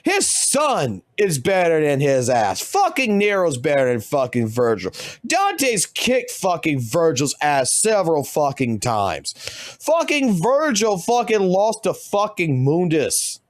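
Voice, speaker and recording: Guy streamer ranting and cursing nonstop, high lively voice, dry close sound. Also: takes it slowly, dry recording. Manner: heated, swears constantly. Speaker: game streamer. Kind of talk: profane gaming rant.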